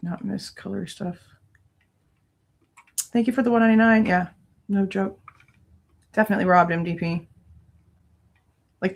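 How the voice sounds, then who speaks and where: A woman hosting a casual true crime livestream from home, exasperated and ranting, swearing loosely and thanking viewers between complaints. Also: lowish voice. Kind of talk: casual livestream reaction chat. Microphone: no headphones, desk mic.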